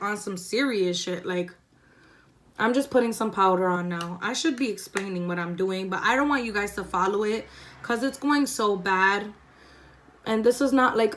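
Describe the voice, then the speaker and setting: A young vlogger with a mid-range voice swears her way through a lively storytime at home while applying makeup, imitating the voices of everyone she quotes. There's a bit of hiss or hum in the audio.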